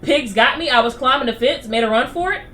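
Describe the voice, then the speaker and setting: A woman's voice: high voice, quick pace, sharp tone, faint music behind. A woman voicing a wounded man who fled after being shot, scared, bitter and urgent. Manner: pained, urgent and conspiratorial.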